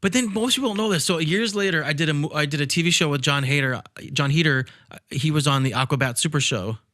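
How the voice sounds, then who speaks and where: A man's voice: on the high side, quick pace, bright, forceful tone, no echo, studio quality. A man hosting a podcast, chatting casually and asking his guest friendly questions. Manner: friendly, asks questions, short affirmations. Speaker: podcast host. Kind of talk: casual chat.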